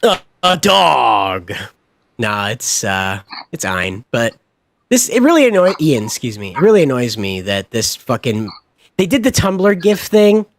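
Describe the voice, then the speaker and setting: A man's voice: mid-range voice, huge pitch swings, normal speed, dry recording. A man hosting a livestream, ranting in a sarcastic, sweary, exasperated way. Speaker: livestream host. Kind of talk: casual ranting stream commentary.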